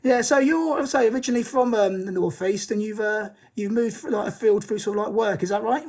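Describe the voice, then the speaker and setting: A man's voice: sits high, fairly quick, a little mellow. A man hosting a casual football podcast, introducing guests with chatty fillers. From England. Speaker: podcast host.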